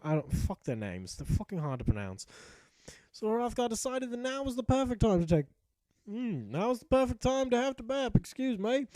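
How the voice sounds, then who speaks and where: High-voiced, swearing mock-epic game narrator. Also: male voice, dark tone, no echo. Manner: jokey, profane, ranting asides. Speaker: gameplay commentator.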